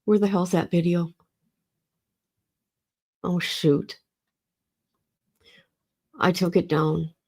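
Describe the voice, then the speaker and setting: A woman's voice: on the low side, steady tone, very slow, long pauses, darkish tone. A middle-aged woman, grieving, talking casually and emotionally to her livestream chat. She rambles and swears. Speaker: livestream host.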